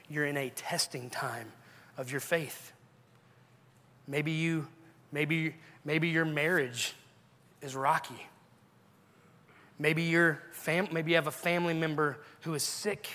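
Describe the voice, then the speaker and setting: A man's voice: a little high, pushed and bright, big-room sound. A male pastor preaching a sermon in a church, earnestly urging his listeners with repeated questions. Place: church sanctuary.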